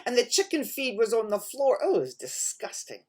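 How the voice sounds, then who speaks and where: A woman telling a folk tale to children, expressive and lively, imitating animal noises. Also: fairly high pitch, normal speed, breathy edge. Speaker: storyteller.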